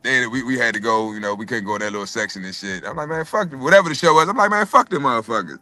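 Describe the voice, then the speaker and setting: A man telling a long story in casual chat, animated and profane, often repeating words. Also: medium pitch, rapid-fire, dry recording. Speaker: podcast co-host telling a story.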